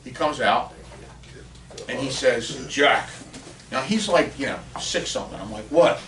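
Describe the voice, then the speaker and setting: A man guest on a podcast, telling a long story in casual chat and acting out quotes with excited rises in his voice. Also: mid-range voice, moderate pace. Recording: roomy and distant with faint noise.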